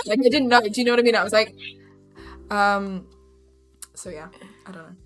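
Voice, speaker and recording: A woman's voice: mid-range voice, fairly even intonation, fairly quick, soft background music. Giggly, rambling English woman. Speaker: guest voice actor. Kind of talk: casual live-stream chat. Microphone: one mic shared with the host.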